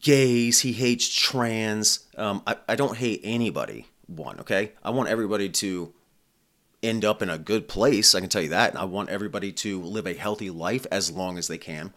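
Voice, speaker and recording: Man, podcast host, low voice, blunt, swears a lot, rambling casual monologue. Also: animated, brisk, a bit bright. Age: adult. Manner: blunt and profane, rambling with fillers.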